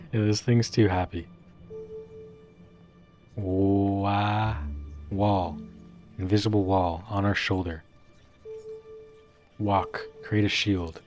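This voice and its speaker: Low-voiced wry male streamer. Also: steady tone, very slow, pauses often, darkish tone, soft background music. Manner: wry, reads game text and reacts with crude jokes. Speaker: game streamer. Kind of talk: casual live-stream commentary.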